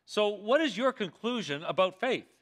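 Man doing a woman prosecutor, pointed questions, brighter raised voice. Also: high voice, big pitch swings, moderate pace, pitched above the performer's own voice. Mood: probing. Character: assertive female prosecutor.

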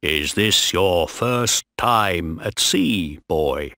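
Stern ship captain read by a man, curt orders, slow, lively lilt, dry. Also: low-pitched, no echo, heavily acted. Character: stern strict male ship captain, commanding.

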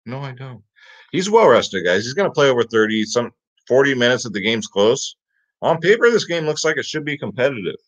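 His medium-pitched voice swings widely up and down, and he speaks a little fast as host of a fantasy sports picks show. The rundown is casual and energetic, peppered with repeated "guys" and "get him in there." Audio is slightly dull lo-fi.

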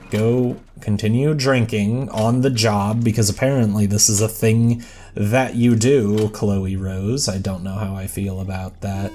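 A man's voice: lowish voice, dark tone, a little hiss or hum. A man giving casual, rambling gameplay commentary as a let's play host, self-deprecating and chatting to the characters on screen.

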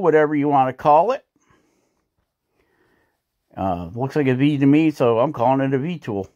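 A man's voice: mid-range voice, no echo, studio quality. A man hosting a woodcarving channel, talking through a carving tutorial in a folksy, joking, chatty way. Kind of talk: casual carving tutorial narration.

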